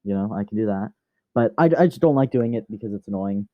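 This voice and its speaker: A man's voice: lowish voice, fast, no echo, lo-fi sound. A man rambling through a casual fan story, chatty and often correcting himself.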